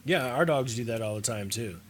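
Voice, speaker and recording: A man co-hosting a radio chat, talking in a relaxed, rambling way. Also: mid-range voice, fairly quick, a little hiss or hum. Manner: relaxed, rambling, lots of fillers. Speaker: radio show co-host. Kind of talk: casual chat.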